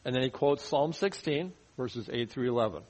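A man teaching verse by verse through a Bible passage in a conversational sermon, often dropping his voice low to stress a point. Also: animated, normal speed, a little mellow, rough recording. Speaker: pastor. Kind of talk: expository sermon.

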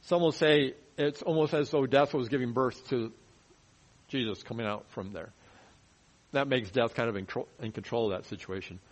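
A man teaching verse by verse through a Bible passage in a conversational sermon, often dropping his voice low to stress a point. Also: low-quality recording. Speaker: pastor. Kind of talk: expository sermon.

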